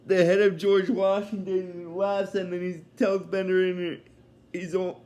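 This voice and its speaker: A man's voice: high voice, flat delivery, unhurried, a little mellow, highs cut off. A man recapping a cartoon episode in a casual, rambling way, with many fillers and chuckling asides. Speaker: episode reviewer.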